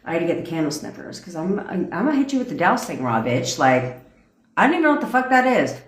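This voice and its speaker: A woman's voice: on the low side, sing-song, quick pace, echoey room. A woman coaching on a livestream, ranting bluntly and profanely and answering viewers' comments. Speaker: manifestation coach. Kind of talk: casual livestream rant.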